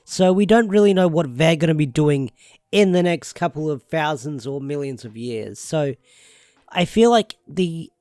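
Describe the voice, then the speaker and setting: A man with a slightly higher than usual voice chats through a comic book review in a relaxed, rambling way, leaning on filler and shrugging asides. The recording is close and dry, with no room sound. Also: moderate pace, dry recording. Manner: rambling, hedging with "sort of" and "who knows". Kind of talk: casual video review.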